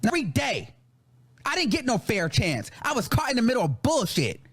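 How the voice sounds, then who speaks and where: A man's voice: very high-pitched, huge pitch swings, a little fast, breathy edge. A man in an angry, profane rant, repeating how furious he is. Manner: furious, repetitive, swearing. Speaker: show host venting about former show.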